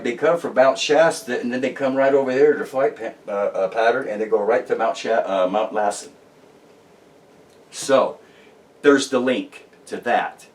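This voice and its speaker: A man's voice: mid-range voice, far from the mic. A man talking casually about his paranormal research, rambling and emphatic, with many restarts and fillers. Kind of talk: casual monologue to camera.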